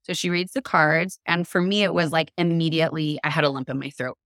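A woman in casual conversation, telling a lively story with lots of "like" and acted-out quotes. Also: low-pitched, a little fast, no echo, clean studio sound. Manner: animated, acts out quoted voices, many "like" fillers. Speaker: podcast guest.

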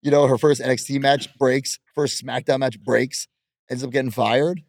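A man's voice: medium pitch, steady tone, normal speed, gravelly, darkish tone, dry recording. A man in his thirties, a professional wrestler, chatting in an interview in a brash, boastful way and laughing often. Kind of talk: casual interview chat.

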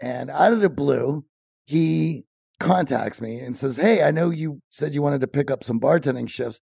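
A man with a heavily gravelly, husky voice spins a tale for a podcast interview, slightly higher-pitched than most men. He tells it with animated energy and laughs along the way. The studio sound is dry and close. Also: moderate pace, dry recording. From Pennsylvania, USA. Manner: animated storyteller, laughs often. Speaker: podcast co-host, guest. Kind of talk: storytelling interview.

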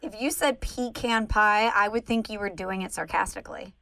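A woman co-hosting a podcast, chatting casually and teasing her co-host in an animated way. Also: mid-range voice, normal speed, gravelly, dry recording, low-quality recording. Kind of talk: casual chat. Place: Saint Louis.

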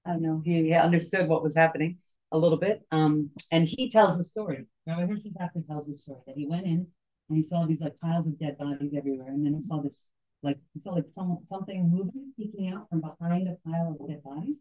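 A woman telling a story to a group, halting and full of fillers and restarts, as a tour guide. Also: low voice, warm tone. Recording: dull lo-fi recording.

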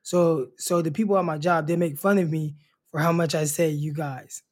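A man's voice: fairly high pitch, steady tone, normal speed, darkish tone. A man co-hosting a casual sports podcast, laid-back and stammering, often repeating his first words. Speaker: podcast co-host.

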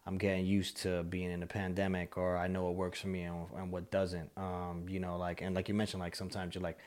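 Low-voiced laid-back man, rambling chat. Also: monotone, a little fast, few pauses, darkish tone, slight background noise. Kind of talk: casual chat.

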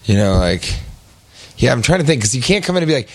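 A man's voice: medium pitch, sing-song, quick pace, dry recording. A man hosting a casual comedy podcast, joking and acting out silly bits. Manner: playful, jokey, acts out bits in silly voices. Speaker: podcast host.

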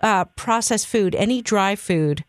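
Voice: mid-range voice, unhurried, dry recording. A veterinarian guest on a call-in radio show, explaining dog diets in a conversational way.

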